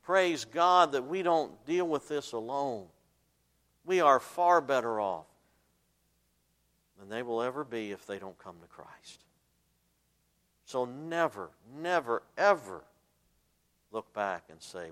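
A man preaching a sermon, swinging between loud emphatic bursts and soft asides, and asking his listeners to fill in the words. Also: mid-range voice, animated, slow, pauses often. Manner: asks the congregation fill-in questions. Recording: long hall reverb.

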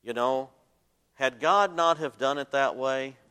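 A man preaching a sermon, swinging between loud emphatic bursts and soft asides, and asking his listeners to fill in the words. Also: mid-range voice, measured pace, smooth. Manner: asks the congregation fill-in questions. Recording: long hall reverb.

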